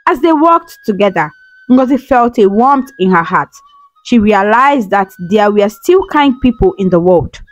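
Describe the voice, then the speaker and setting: A woman storyteller narrating a folktale in a calm, earnest scripted way. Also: mid-range voice, a little slow, no echo, low-quality recording.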